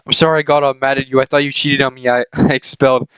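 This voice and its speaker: A sulky gothic teenage boy, read by a man who rattles off a glum apology. The voice is smooth and clear, with a dry, close sound. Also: mid-range voice, flat delivery, fast talker, a bit bright, no room sound, lo-fi sound, close to an everyday voice. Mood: depressed.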